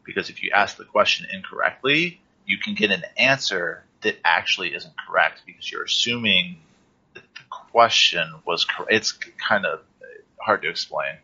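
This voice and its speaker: Gravelly, deep-voiced young man. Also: moderate pace. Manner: rambling, profane, excitable, says "dude" often. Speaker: podcast host. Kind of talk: casual storytelling. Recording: dull lo-fi recording.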